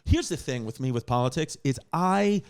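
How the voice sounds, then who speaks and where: A man's voice: fairly high pitch, lively intonation, normal speed, clear, resonant tone. A man hosting a casual comedy podcast, rambling and joking with lots of restarts. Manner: rambling, jokey, full of restarts and fillers.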